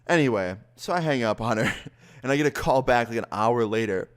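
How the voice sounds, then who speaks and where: Young male YouTuber, casual story-time delivery, animated, swears freely. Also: medium pitch, brisk.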